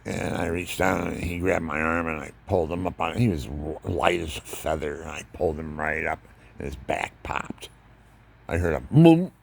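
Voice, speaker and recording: A man's voice: extremely low pitch, moderate pace, vocal fry, slight background noise. An older man talking casually about faith and family, rambling and preachy as he tells his stories. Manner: rambling, preachy, animated storytelling. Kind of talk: casual religious monologue.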